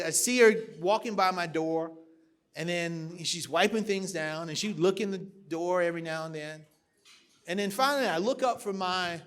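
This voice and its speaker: At a podium microphone in a large banquet hall, a man from South Carolina, USA, delivers the keynote at a party dinner. His voice sits high and a bit bright as he shifts from folksy storytelling into rousing, emphatic political oratory.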